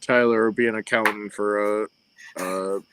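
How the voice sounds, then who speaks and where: A man's voice: lowish voice, fairly even intonation, normal speed, background noise. A man co-hosting a live stream, teasing his friend with dry jokes in casual chat. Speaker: co-host.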